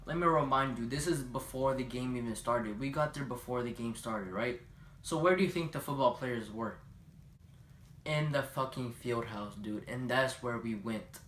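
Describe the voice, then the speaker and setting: A young man telling a story in a casual vlog, profane and animated, acting out every voice. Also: medium pitch, normal speed, reverberant, slight background noise.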